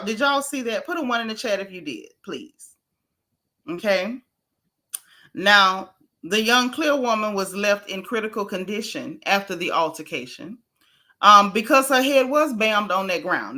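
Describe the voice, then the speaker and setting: A woman's voice: mid-range voice, pushed and bright. A woman hosting a casual gossip livestream, chatting emphatically and reading viewer comments aloud. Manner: emphatic, repeats phrases. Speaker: gossip show host.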